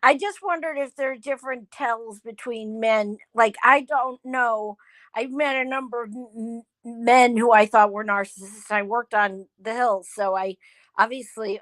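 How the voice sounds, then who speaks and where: A woman with a slightly high voice tells animated stories, acting out what people said. The recording is dry, with no room sound at all. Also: dry recording. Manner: animated storyteller, acts out quoted dialogue. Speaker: host. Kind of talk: casual chat.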